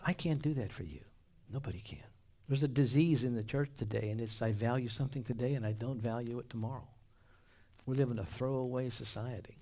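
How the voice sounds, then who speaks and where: Preaching at an even, middle pitch, a man peppers his sermon with humorous asides and calls for the congregation to respond. He shifts between loud exclamations and hushed whispers.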